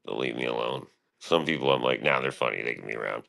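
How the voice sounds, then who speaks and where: A man's voice: extremely low pitch, fast talker, gravelly, bright, forceful tone. A man streaming live, rambling casually and profanely about his past and his show, often quoting himself.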